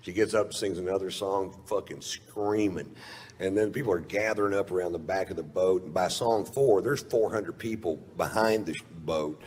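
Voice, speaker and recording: A man's voice: deep voice, moderate pace, a little mellow. A man doing stand-up storytelling on stage, laid-back and profane. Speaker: stand-up comedian. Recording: reverberant live hall, faint hiss.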